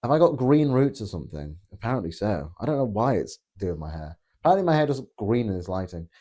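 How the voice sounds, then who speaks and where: A man's voice: lowish voice, very animated, fast, mellow. A man hosting a casual live stream, answering chat in a blunt, joking way with plenty of swearing. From Britain. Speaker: political streamer reading chat.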